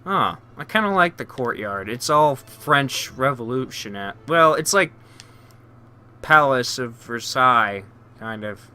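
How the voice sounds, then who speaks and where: A man's voice: mid-range voice, lively intonation, a little slow, sharp tone, smooth. A man casually commenting on his own gameplay with chatty, wry asides. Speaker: let's play host.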